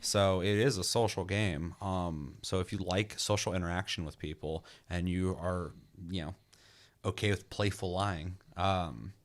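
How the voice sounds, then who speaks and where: A man's voice: low-pitched, steady tone, a little slow. A man co-hosting a gaming podcast in casual chat, swearing freely and telling stories with energy. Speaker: podcast co-host reviewing games.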